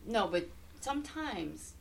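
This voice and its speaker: A woman's voice: mid-range voice, big pitch swings, slow pace, vocal fry, a little hiss or hum. A woman in a casual chat, telling stories with enthusiasm and laughing a lot.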